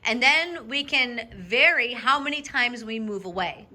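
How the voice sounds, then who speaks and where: A woman dog trainer talks a student through a training lesson, brisk and directive, checking in often. Her voice sits a little high and sounds clear and bright. She breaks into lively, high praise for the dog now and then. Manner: upbeat, directive, frequent check-in "okay?". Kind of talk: coaching a student during a live lesson.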